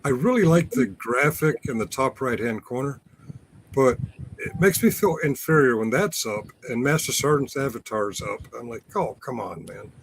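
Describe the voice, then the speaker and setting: A man's voice: medium pitch, animated, moderate pace, slight background noise, low-quality recording. A man hosting a casual livestream chat, bantering and laughing often. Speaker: show host.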